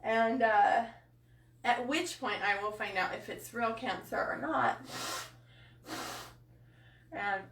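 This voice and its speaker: A coach hosting a live body-image training speaks passionately and emotionally to her viewers, often near tears and using many fillers. Her voice is bright and fairly high, her pace slow with long pauses. She sits far from the mic, so the sound is roomy and a little off-axis.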